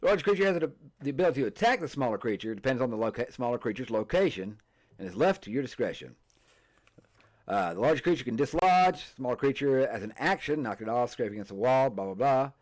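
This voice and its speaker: A man hosting a tabletop game podcast, chatting casually and reading game rules aloud, halting often, restarting phrases and filling pauses. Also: medium pitch, expressive. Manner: halting, many fillers and restarts, stumbles over words. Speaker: podcast host. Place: streamed podcast setup.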